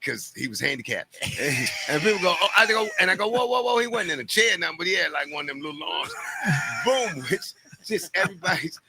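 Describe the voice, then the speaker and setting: Male comedian guest, high lively delivery, gravelly, storytelling with shouted bursts. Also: fairly quick, noisy background. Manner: loud, swings from mutters to shouted punchlines. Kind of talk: animated storytelling.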